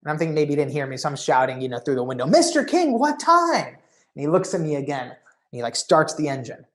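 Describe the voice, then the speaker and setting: A man speaking as a conference keynote speaker, telling a story in an animated way and often saying "you know.". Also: medium pitch, quick pace. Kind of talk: storytelling talk.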